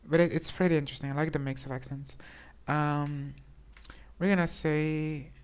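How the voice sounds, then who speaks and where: Casting: woman streamer, low-pitched, chatty and hesitant, game commentary. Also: steady tone, normal speed, clean tone. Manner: chatty, hesitant, many restarts. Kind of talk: casual gameplay commentary.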